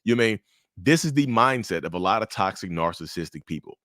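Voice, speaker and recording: A man giving blunt, animated commentary to camera about relationships. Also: on the low side, fairly quick, dry recording, studio quality.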